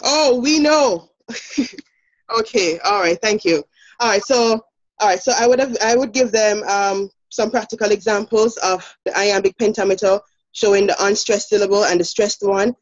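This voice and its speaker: A woman's voice: medium pitch, fairly even intonation, moderate pace. A woman with a Jamaican accent presenting a poetry lesson, explaining step by step with many fillers. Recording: dull lo-fi sound.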